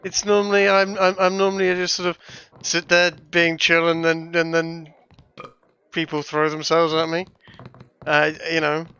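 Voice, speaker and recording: A man's voice: a little high, level tone, unhurried, pushed and bright, clean tone. A man, hosting a casual game playthrough with joking, swearing banter. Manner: joking, swearing, self-mocking. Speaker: gaming host. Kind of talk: casual let's-play chat. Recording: dull lo-fi mic.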